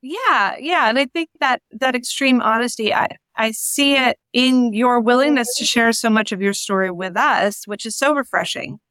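A woman's voice: a little high, normal speed, few pauses, a bit bright, dry recording. Reflective woman podcast host. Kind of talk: conversational interview.

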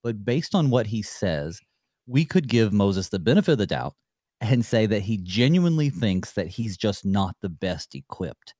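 Low-voiced man hosting a Bible study. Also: big pitch swings, a little mellow, dry recording, studio quality. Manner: measured, reflective. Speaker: host. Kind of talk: Bible study discussion and scripture reading.

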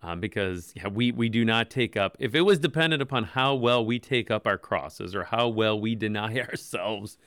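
A man's voice: lowish voice, moderate pace, few pauses, fairly bright tone, clean tone, no room sound, clean studio sound. A man co-hosting a Bible-study radio show, talking through scripture in an easygoing way, thinking aloud. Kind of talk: conversational Bible discussion.

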